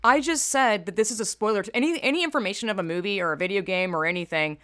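A woman's voice: mid-range voice, fast, hardly any pauses, a bit bright. A young woman hosting her own podcast, talking in a casual, rambling way with lots of swearing, fillers and blunt opinions. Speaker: podcast host. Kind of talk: casual solo podcast monologue.

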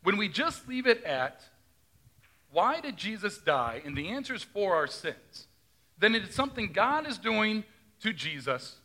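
A man's voice: high voice, big pitch swings, measured pace, pushed and bright. A male pastor giving a conversational sermon, often asking his congregation questions and retelling scripture in his own words.

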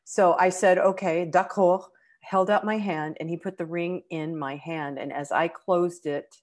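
Middle-aged American woman, lowish voice, heartfelt storyteller, halting and emotional. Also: fairly even intonation. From United States. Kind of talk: personal anecdote.

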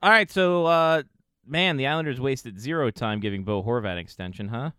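A man's voice: medium pitch, fairly quick, fairly bright tone, clean tone, no room sound. A man co-hosting a hockey podcast in casual chat who makes wry, dry quips. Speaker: podcast co-host.

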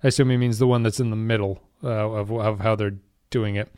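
A man's voice: lowish voice, fairly even intonation, brisk, a little mellow, clear, resonant tone, no echo, studio quality. A man co-hosting a casual podcast discussion, thinking aloud and reading out listener comments. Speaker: podcast co-host.

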